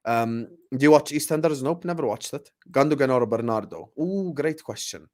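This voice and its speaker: A man in his late twenties, a football channel host, doing a casual live Q&A with viewers. He talks in an animated way and often repeats his phrases. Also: medium pitch, moderate pace. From grew up partly in the UAE. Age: 20s.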